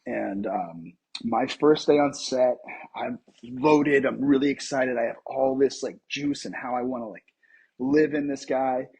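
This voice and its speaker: Very husky-voiced American man telling stories. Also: medium pitch, unhurried, poor audio. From Colorado, USA. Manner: animated, lively storyteller with many fillers. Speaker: actor, podcast guest. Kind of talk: casual interview storytelling.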